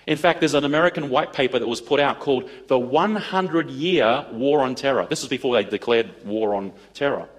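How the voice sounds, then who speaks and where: A man telling a story to an audience, acting out the dialogue in an animated way. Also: mid-range voice, a little fast, hardly any pauses. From Australia. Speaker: speaker addressing an audience. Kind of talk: storytelling talk.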